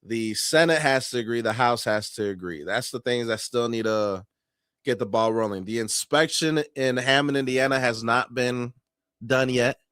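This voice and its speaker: A man's voice: medium pitch, moderate pace, fairly bright tone, clean tone, dry recording, studio quality. A man hosting a sports channel, giving casual, laughing, slang-filled reactions to a news clip.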